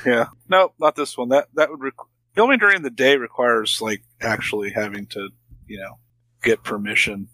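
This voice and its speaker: A wry man on a podcast who laughs easily and keeps tossing in jokey asides. His voice is bright and forward, recorded close and dry with no room sound. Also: medium pitch, moderate pace, dry recording, poor audio. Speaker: podcast co-host. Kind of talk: casual movie-recap chat.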